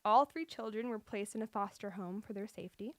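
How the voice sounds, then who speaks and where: A woman's voice: mid-range voice, a little fast, dry recording. Dry-voiced woman telling a true-crime story. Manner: nervous laughter and apologetic asides. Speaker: podcast host.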